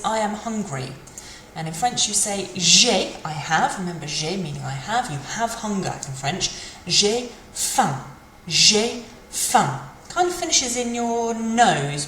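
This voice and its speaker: A woman teaching a language lesson, speaking slowly and carefully and repeating each phrase for practice. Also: fairly low pitch, a little hiss or hum. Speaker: French teacher. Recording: echoey room with faint ambience.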